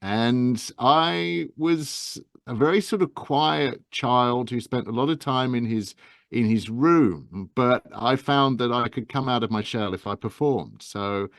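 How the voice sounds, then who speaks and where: A man in his fifties from England's Medway Towns with a softened Estuary accent, talking gently and modestly in an interview, with many fillers and restarts. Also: mid-range voice, takes it slowly, no echo, clean studio sound. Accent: softened Estuary English. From England, Medway Towns south of London. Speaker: guest, actor and narrator. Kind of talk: casual interview talk.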